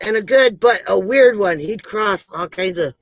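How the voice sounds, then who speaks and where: High-voiced man cracking corny jokes. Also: lively intonation, normal speed, no echo, low-quality recording. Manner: laughs at his own jokes, self-deprecating. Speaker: comedy livestream host. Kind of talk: telling one-liner jokes to a live chat.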